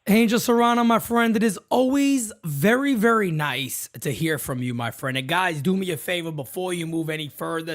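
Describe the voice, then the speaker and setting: Animated, high-voiced podcast host man. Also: moderate pace, hardly any pauses. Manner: animated, hypes up callers, shouts catchphrases. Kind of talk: live show reading voicemails.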